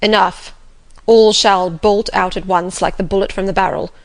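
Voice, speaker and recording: A woman doing a stern brooding gentleman. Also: moderate pace, close to an everyday voice. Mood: commanding. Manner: curt, commanding, low muttering. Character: stern brooding male gentleman, commanding, proud.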